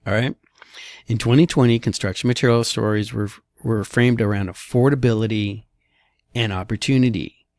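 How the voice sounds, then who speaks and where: A man's voice: fairly low pitch, fairly even intonation, fairly quick, a little mellow, no echo, studio quality. A man, a real estate broker giving blunt, casual commentary on housing market slides and tossing in "all right" and "okay" often.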